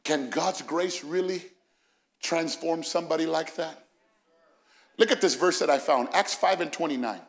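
A male senior pastor preaching an Easter sermon in a church, building from quiet reasoning to shouted, sung-out climaxes. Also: a little high, moderate pace. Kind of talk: Pentecostal-style Easter sermon. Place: church sanctuary, also broadcast.

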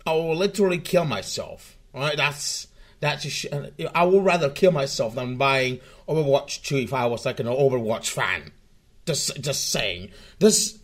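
A man ranting on a live stream in a casual, profane, rambling way, stumbling through many restarts. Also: mid-range voice.

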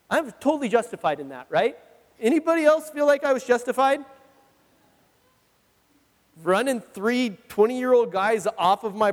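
A man pastor preaching a sermon, telling personal stories in an animated, conversational way and laughing at himself. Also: sits high. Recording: long reverb of a large hall.

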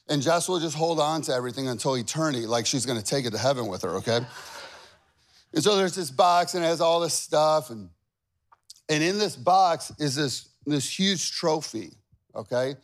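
A man in his forties preaching a sermon in a chatty, self-deprecating way, often asking the crowd questions. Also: on the high side. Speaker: pastor. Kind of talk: sermon with personal stories.

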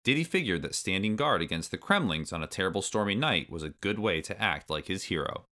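Low-voiced man reading a storybook. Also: animated, a little fast, pushed and bright. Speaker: narrator. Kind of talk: storybook read-aloud.

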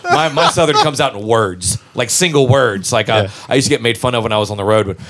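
A quick-talking man in his forties who tells stories at a rapid clip. He is loose, profane and animated, and keeps a chatty, unscripted flow as he rattles off anecdotes. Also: mid-range voice. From Memphis, Tennessee. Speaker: musician guest. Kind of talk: casual storytelling chat.

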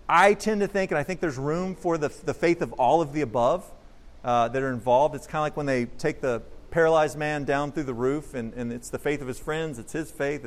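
Earnest high-voiced male preacher. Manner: earnest, emphatic, repeats words while building points. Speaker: pastor. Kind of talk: expository sermon.

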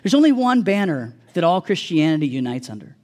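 A male pastor giving a sermon in an animated, joking, conversational way. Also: fairly high pitch, a little fast.

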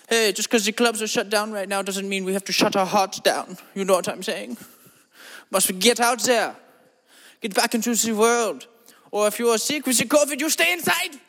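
Drenched in long, echoing reverb, this bit features a man with a high-pitched, somewhat bright voice hosting a comedy podcast. Slipping into a character voice, he delivers an absurd monologue as a self-absorbed oddball who drawls along aimlessly, then abruptly gets crude.

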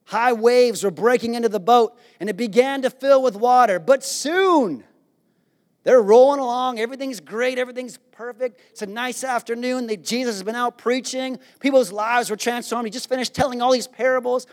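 Man preaching, high voice, lively storytelling, playful jokes, acts out voices. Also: a little fast, few pauses. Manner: animated storytelling, acts out disciples with a raised voice. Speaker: pastor. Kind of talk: sermon.

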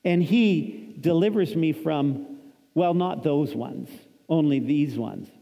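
A man's voice: a little high, slow pace, vocal fry, highs cut off. A man in his fifties preaching a sermon as pastor, emphatic and repetitive, quoting scripture. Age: 50s. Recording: long hall reverb.

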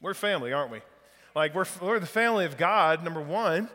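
Folksy preacher guy, high bright voice, big echoey hall. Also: animated, brisk. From northeast Louisiana. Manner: casual, folksy, enthusiastic. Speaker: guest pastor. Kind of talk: sermon with humor. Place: church sanctuary.

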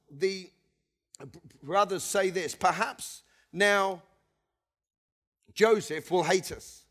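A middle-aged male pastor preaching a sermon, reading scripture with conversational asides and leading the congregation in call-and-response. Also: high voice. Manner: animated, leads the congregation in repeated call-and-response; chuckles between points, conversational asides.

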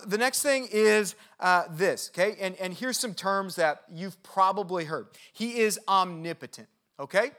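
A man preaching a sermon in a conversational, energetic way, often checking in with his listeners. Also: sits high. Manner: conversational, checks in with "okay?" and "right?"; energetic and animated, with quick asides. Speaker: pastor.

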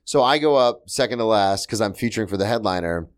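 Fast-talking man telling stories. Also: fairly low pitch, lively intonation. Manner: fast storytelling, acts out quotes. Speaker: comedian guest. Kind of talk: casual podcast chat.

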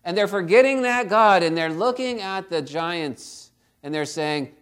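Earnest male preacher with a high voice, delivering a sermon and calling listeners to humility. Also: lively intonation, unhurried, a bit bright, smooth. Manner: earnest, exhorting, direct questions to listeners.

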